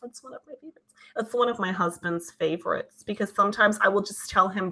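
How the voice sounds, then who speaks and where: A woman hosting her channel, chatting casually and reading out viewer comments in a lively, talkative way. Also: mid-range voice, quick pace. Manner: chatty, animated, many fillers. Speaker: channel host.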